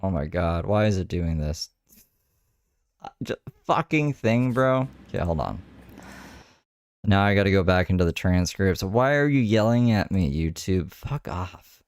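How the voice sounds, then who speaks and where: A man's voice: sits low, lively intonation, unhurried, no room sound. A man giving live reaction commentary, muttering and irritable about his tech. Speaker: stream commentator.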